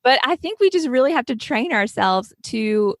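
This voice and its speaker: A woman's voice: a little high, expressive, normal speed, dry recording, clean studio sound. A young woman hosting a podcast, talking casually and earnestly about faith, with lots of "like" fillers. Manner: chatty, many "like" fillers, earnest. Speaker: podcast host.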